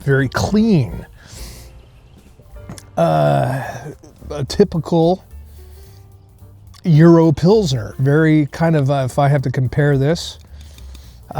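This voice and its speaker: Gravelly man reviewing beer outdoors. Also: on the high side, warm tone. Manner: jokey, rambling tasting notes with many fillers. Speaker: beer reviewer, show host. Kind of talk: casual beer review to camera. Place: outdoor beer garden on a cold day.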